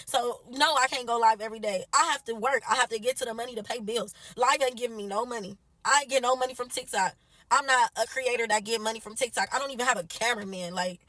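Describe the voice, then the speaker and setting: Young woman, high bright voice, tearful and exasperated, swearing while she vents into a phone in a dry car interior. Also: no echo, poor audio. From United States. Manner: profane, exasperated, tearful venting. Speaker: mother posting a social media video. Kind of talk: emotional venting to camera.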